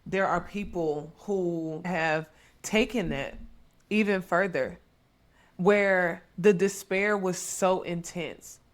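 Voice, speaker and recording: Earnest woman therapist talking to listeners. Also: lowish voice. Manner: earnest, conversational, addresses listeners as y'all. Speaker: therapist and podcast host. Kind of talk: heartfelt podcast talk.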